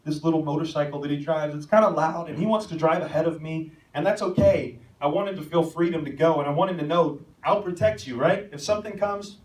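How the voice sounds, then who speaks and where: A young man preaching a sermon as pastor, telling a story and rising to shouted calls at its peaks. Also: on the high side, fast talker, few pauses, far from the mic. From American. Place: church sanctuary. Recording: echoey church hall, mic from afar.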